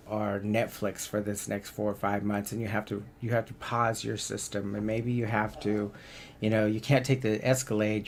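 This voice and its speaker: A man's voice: fairly low pitch, slight background noise. A man giving a casual motivational talk on self-help, rambling a little and repeating words as he searches for the next thought.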